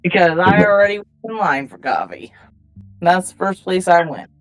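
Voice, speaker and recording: A woman's voice: on the low side, lively intonation, moderate pace, soft background music. A woman playing a tabletop game who chats casually and teases the others. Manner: teasing, playful. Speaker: player.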